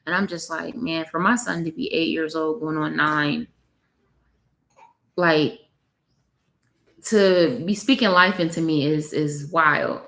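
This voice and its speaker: A woman's voice: low-pitched, moderate pace, a bit bright. A young mother talks to her viewers in a candid, confiding casual vlog, tearful and close to crying. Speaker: vlogger, mother of three. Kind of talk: emotional casual vlog chat. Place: at home, with her baby on her lap.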